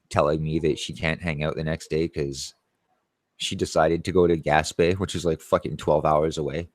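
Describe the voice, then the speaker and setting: A man's voice: deep voice, no room sound. A man in his late twenties or thirties telling a rambling, profane personal story, acting out other people's lines in a raised voice. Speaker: channel host. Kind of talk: casual storytelling monologue.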